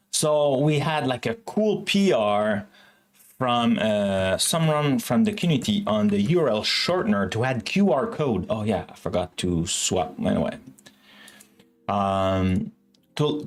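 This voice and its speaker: Slow, rambling male stream host. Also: mid-range voice, animated. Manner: rambling, self-correcting, chatty with viewers. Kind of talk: casual live-stream chat.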